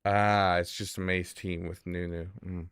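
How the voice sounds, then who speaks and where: A man streaming a game, chatting casually with his viewers in a bemused, teasing way and getting loudly exasperated at the gameplay. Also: sits low, flat delivery, measured pace, clear, resonant tone, dry recording, clean studio sound. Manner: bemused banter with chat, rising to loud exasperation. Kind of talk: casual live-stream commentary.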